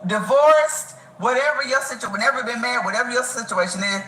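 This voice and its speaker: A married woman speaking in an animated way, laughing, in a clip played back during a stream. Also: on the high side, brisk, echoey room, a little hiss or hum, rough recording.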